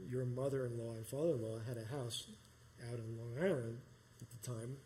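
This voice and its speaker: A man's voice: mid-range voice, mellow, a little hiss or hum. A middle-aged man from New York telling a personal story live, rambling and conversational with many restarts. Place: small performance space.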